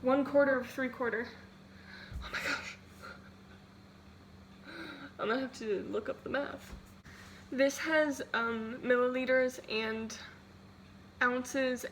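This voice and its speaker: A woman's voice: high-pitched, poor audio. A young woman vlogging casually while cooking in her home kitchen, rambling and poking fun at herself. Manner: chatty, rambling, self-deprecating, many "like"s. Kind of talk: casual cooking vlog chat. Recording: home video with steady background noise.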